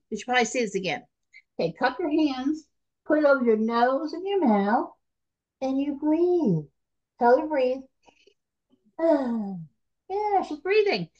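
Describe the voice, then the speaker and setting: A middle-aged woman teaching a nursing class in a chatty, animated way, talking straight to her students. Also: sits high, muffled recording. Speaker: nursing instructor. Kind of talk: recorded classroom lecture.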